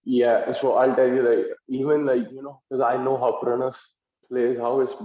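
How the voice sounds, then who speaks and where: Lively young man, echoey lo-fi. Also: medium pitch, moderate pace, a crowd in the background. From India. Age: young adult. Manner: animated storytelling, acts out teammates' lines, frequent "like". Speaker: guest, student basketball player. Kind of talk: casual interview chat. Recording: dull lo-fi sound in a roomy space.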